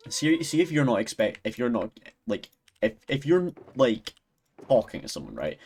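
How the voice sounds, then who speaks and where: Scottish male streamer, young, mid-pitched, chatty and sweary, rambles and giggles through his restarts. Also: sing-song, unhurried, long pauses, darkish tone, slight background noise. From Scotland. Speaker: live streamer. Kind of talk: casual chat with stream viewers.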